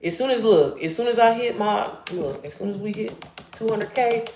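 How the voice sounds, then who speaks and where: A woman's voice: moderate pace, faint music behind. Woman, 30s, live-stream chat, mid-range voice, loose and profane, roomy echo. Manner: candid, profane, preachy and laughing, with lively swoops up in pitch when excited. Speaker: digital marketing creator on a live stream.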